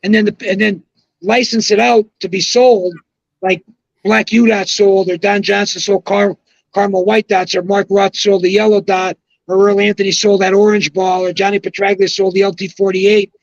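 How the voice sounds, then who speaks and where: A man with a high voice works his way through his views in a podcast chat, pausing on fillers and starting over. The sound is dry and a little dull, with no room in it. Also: level tone, gravelly, no room sound. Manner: rambling, hesitant opinions with fillers. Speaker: retired bowling pro guest.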